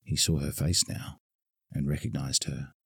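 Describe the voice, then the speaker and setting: A man narrating a novel in a measured audiobook reading. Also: a bass voice, flat delivery, vocal fry, fairly bright tone, husky, no room sound, clean studio sound.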